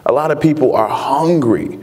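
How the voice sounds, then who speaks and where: Here the Chicago author sounds fairly high-pitched and warm, talking at a normal speed. Onstage before a lecture-hall audience, he tells his story with earnest sincerity and frequent laughter, all wrapped in the long reverb of the hall.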